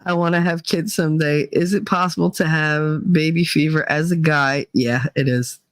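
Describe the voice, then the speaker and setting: A woman from Northeast Pennsylvania hosting a livestream, chatting casually with her viewers and telling stories full of fillers and quick voice mimicry. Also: low voice, steady tone, no room sound, poor audio. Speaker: livestream host reading chat. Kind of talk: casual chat.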